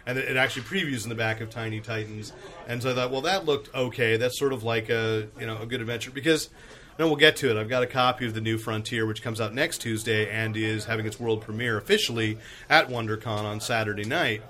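A man's voice: mid-range voice, fast talker, bright, forceful tone. A man hosting a casual group podcast, chatty, often laughing and trailing off with fillers. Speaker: podcast host and comic editor.

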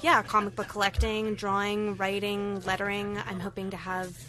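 A woman's voice: medium pitch, normal speed. A woman who owns a comic store, talking as a guest in casual, bantering chat. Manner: lively, bantering, laughs.

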